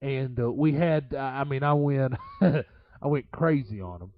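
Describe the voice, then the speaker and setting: In a dull, lo-fi recording, a man who used to wrestle tells road stories casually as an interview guest, wandering off track with lots of fillers and laughs. He has a mid-range voice and speaks a little slowly.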